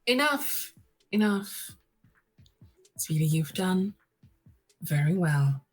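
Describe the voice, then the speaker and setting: A regal empress dismisses and commands in a composed, measured tone, as a woman voices her. The voice sits low and husky and moves unhurriedly. It fits a fantasy storytelling game. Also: expressive, faint music behind, exaggerated voice. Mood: commanding. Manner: measured, authoritative.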